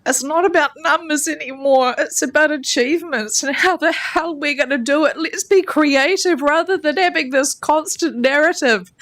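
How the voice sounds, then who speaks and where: A woman's voice: high-pitched, a bit bright. A woman councillor giving an impassioned, blunt council debate speech, emotional and near tears, at a chamber table microphone. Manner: impassioned and blunt, with plain swearing. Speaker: regional councillor.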